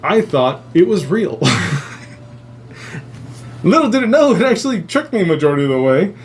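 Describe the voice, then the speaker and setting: A man hosting a live stream, casually retelling a story in a rambling, animated way and swearing a lot. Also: sits high, normal speed, a little hiss or hum. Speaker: livestream host.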